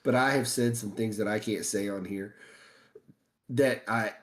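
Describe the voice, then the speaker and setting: A man's voice: on the low side, unhurried. A man co-hosting a podcast in casual chat, telling easygoing stories. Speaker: podcast co-host.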